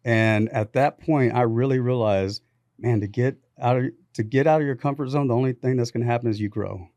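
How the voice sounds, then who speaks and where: Man spinning an animated story. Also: mid-range voice, fairly quick, no room sound, clean studio sound. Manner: animated anecdotes with quoted dialogue. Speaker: podcast guest, business founder. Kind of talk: casual storytelling. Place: podcast studio.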